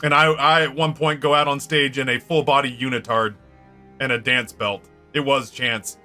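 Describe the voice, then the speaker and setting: A man streaming a game, telling a story in a casual, animated way, swearing freely and laughing often. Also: medium pitch, normal speed, soft background music.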